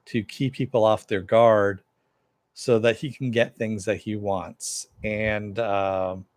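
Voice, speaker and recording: Brief: male reviewer, lowish voice, loose chatty recap, dry close mic. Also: flat delivery, slow, a little mellow, no echo. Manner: rambling, with many fillers; answers viewer chat. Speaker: TV show reviewer. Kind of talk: casual episode recap.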